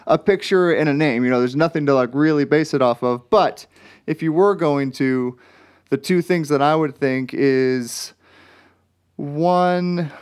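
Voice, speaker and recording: A man's voice: on the high side, a little slow, clean tone. A man in a casual chat, rambling and speculating with plenty of restarts.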